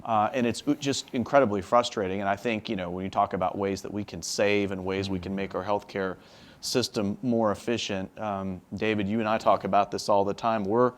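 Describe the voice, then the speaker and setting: A man's voice: lowish voice, steady tone, brisk. A man on a policy panel who files legislation, talking earnestly with many fillers and restarts. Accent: Texan. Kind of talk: panel discussion.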